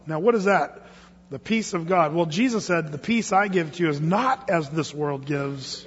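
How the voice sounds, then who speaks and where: In a church sanctuary, a man serving as pastor delivers a sermon in a slightly high voice at normal speed, joking casually and questioning the congregation. Faint hiss or hum sits under the dull lo-fi audio, which echoes like a hall.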